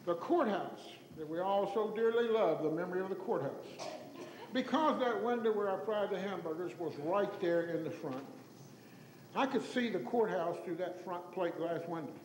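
Telling folksy stories before an audience, this Tyler, Texas storyteller in his sixties shares oral history with animation and chuckles, voicing the characters himself. He has a high-pitched voice at a moderate pace, in an echoey hall recording with faint background noise.

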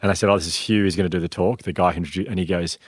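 Australian man, low voice, rambling self-deprecating stories, dry close sound. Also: fairly even intonation, rapid-fire, breathy edge, no room sound. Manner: rambling, self-deprecating anecdotes with frequent restarts. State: tired. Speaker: podcast co-host. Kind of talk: casual storytelling chat.

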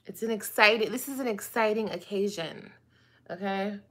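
A woman's voice: mid-range voice, normal speed, bright, forceful tone, slightly rough. A woman talking to her viewers in a casual monologue, dramatic and drawn out, addressing them again and again. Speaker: online video host.

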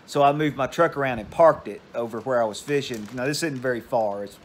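A man's voice: mid-range voice, a little fast. An older man, casually telling a meandering story at home. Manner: meandering, digressive. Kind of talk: casual rambling anecdote.

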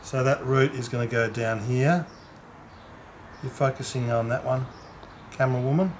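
A man gives a casual, gentle how-to demonstration at a potting bench. He chats to the camera person as he works. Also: mid-range voice, steady tone, normal speed, pauses often, a little hiss or hum. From Australia. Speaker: home gardener demonstrating seedling transplanting. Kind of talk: casual how-to demonstration with some scripted narration.

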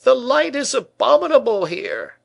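A man voicing an excitable, vexed male court painter who cries out his protests. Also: moderate pace, creaky, exaggerated voice. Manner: high, cries out eagerly.

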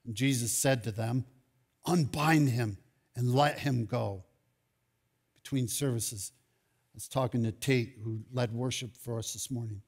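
A man preaching a sermon as pastor, animated and rising to loud exclamations. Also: mid-range voice. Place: church sanctuary.

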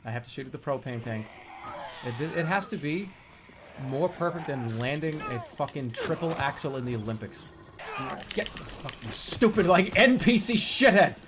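Over loud game music and a noisy background, a man streams a game and narrates it with exasperation and swearing, laughing at how broken it is. His voice sits mid-range at a normal speed.

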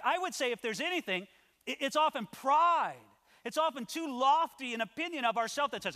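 A male pastor preaching a sermon in earnest, moving between hushed asides and emphatic declarations. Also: high voice, expressive, unhurried. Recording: long reverb of a large hall.

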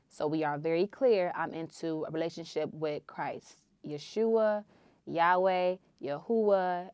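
A woman hosting a podcast, telling a personal story in an earnest, intense way with sudden loud swells. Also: deep voice, smooth, no echo. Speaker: podcast host.

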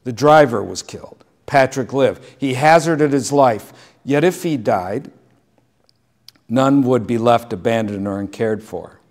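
A middle-aged man preaching a sermon as pastor, moving from plain exhortation into relaxed storytelling with dry humor. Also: mid-range voice, unhurried.

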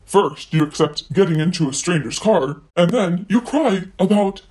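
A woman's voice: fairly low pitch, expressive, normal speed, a little mellow, voice pushed down, lightly acted, low-quality recording. A woman voicing a dismissive critic who sneers at a victim. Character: dismissive cold-hearted critic.

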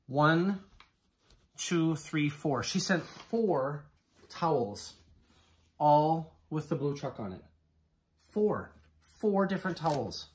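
A man vlogging to camera as he unpacks items, gushing and exclamatory, excited with shaking hands, often stopping to say how amazed he is. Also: fairly high pitch, slow, pauses often. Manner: gushing, exclamatory, keeps repeating "oh my goodness". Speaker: haul vlogger. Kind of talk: casual unboxing chat to camera.

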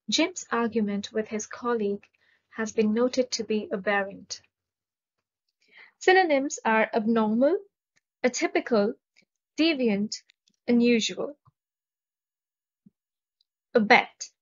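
A woman with an Indian English accent teaching vocabulary, carefully pronouncing each word and reading example sentences. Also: on the high side. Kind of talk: slow, deliberate vocabulary lesson. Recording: dull lo-fi recording.

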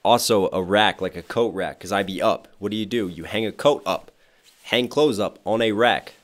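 A hoarse man, a rapper, reacting to a song and animatedly explaining its wordplay line by line. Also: lowish voice, normal speed. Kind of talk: music reaction commentary.

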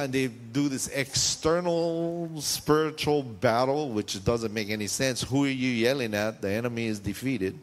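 A man preaching a sermon to a congregation in a church, animated and full of rhetorical questions, sometimes acting out shouting voices. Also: mid-range voice, normal speed, hardly any pauses. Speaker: pastor. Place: church sanctuary. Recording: long hall reverb in a church.

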